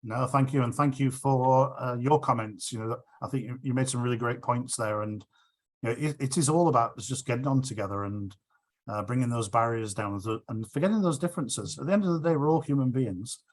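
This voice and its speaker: Earnest man answering club questions. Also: medium pitch. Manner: earnest, agreeable, halting with restarts. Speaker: guest speaker. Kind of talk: Q&A after a talk.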